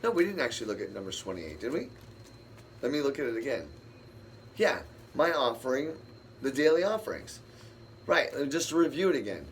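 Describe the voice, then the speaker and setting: A man's voice: medium pitch, sing-song, brisk, long pauses, a little hiss or hum. A man leading a casual Bible study, rambling, thinking aloud and answering the verses he reads. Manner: rambling, thinks aloud and talks back to scripture.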